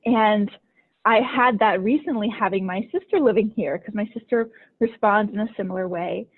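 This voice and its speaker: A woman's voice: medium pitch, normal speed, husky. A woman hosting a podcast and coaching, telling stories in a chatty way full of "like" fillers. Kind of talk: casual conversational storytelling. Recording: tinny phone-like line.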